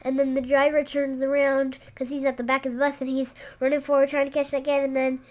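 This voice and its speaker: High-voiced chatty young woman. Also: completely flat delivery, fast talker, darkish tone. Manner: chatty, strings thoughts with "and then". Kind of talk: casual movie chat.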